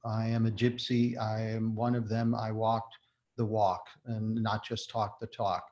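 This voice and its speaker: An older man, a guest in a casual interview, telling stories in an animated way with frequent laughter. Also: lowish voice, measured pace. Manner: animated storyteller, laughs often. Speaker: guest, shoemaker and former performer.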